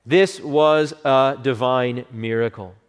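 A man preaching a sermon with fervent swells of emphasis and softer, hushed moments. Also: medium pitch, slow pace, clear, resonant tone. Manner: fervent, rising to bursts then dropping to hushed quotes. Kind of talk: expository sermon. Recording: long reverb of a large hall.

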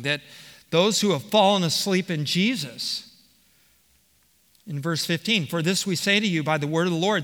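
Fairly high in pitch and sharp in tone, a male pastor gives an expository sermon in a hall with plenty of reverb. He reads the verses aloud one by one, often restarting what he's saying.

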